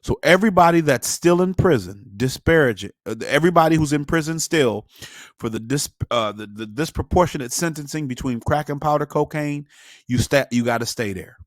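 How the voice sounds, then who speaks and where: A man's voice: on the high side, no echo, clean studio sound. A man co-hosting a political podcast, reading news items aloud and adding wry comments. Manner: measured, wry, reads then comments. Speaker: podcast co-host.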